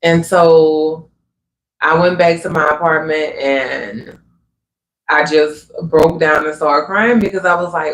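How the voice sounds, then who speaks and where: A man speaking unhurriedly with a somewhat raised pitch, sharing spiritual reflections in an earnest, conversational way. His voice rings in an echoey room with a faint hum of ambience behind it. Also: takes it slowly, a bit bright. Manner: earnest and conversational, fillers like "you know what I'm saying". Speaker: livestream host.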